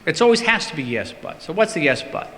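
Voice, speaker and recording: A man's voice: fairly high pitch, big pitch swings, fast talker, fairly bright tone. Emphatic man speaking in a reverberant hall. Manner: emphatic, repeats words for stress. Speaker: politician answering audience questions. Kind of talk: public talk with Q&A. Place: synagogue hall.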